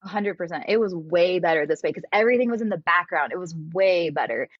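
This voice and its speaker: Low-voiced woman telling a lively story. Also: quick pace, no room sound, dull audio. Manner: animated, acts out quotes, laughs often. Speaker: podcast guest. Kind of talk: casual storytelling.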